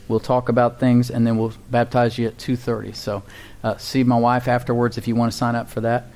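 A man's voice: mid-range voice, level tone, fairly quick, darkish tone. A male pastor preaching a sermon and leading a prayer, with a preaching cadence and call-and-response with the congregation.

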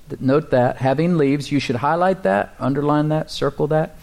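Pastor guy preaching to his church, asks for amens, slows way down for the bible verses. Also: fairly high pitch, a little mellow. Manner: preaching with call-and-response to the congregation; reads scripture slowly and deliberately. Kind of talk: sermon.

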